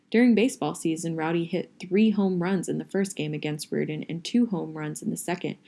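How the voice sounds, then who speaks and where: Woman with a gravelly, low voice reading a novel. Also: mellow. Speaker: reader.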